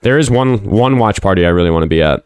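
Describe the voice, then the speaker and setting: A man's voice: lowish voice, animated, quick pace, a little mellow, smooth, dry recording, studio quality. A man hosting a casual livestream, chatting and rambling, swearing freely and snapping back at commenters. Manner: profane, combative toward chat, rambling. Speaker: livestream host.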